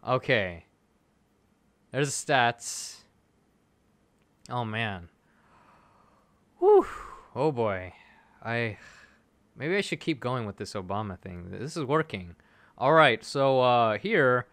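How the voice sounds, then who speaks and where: Excitable man streaming a mobile game. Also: mid-range voice, takes it slowly, pauses often, smooth. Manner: excitable, rambling, thinks out loud.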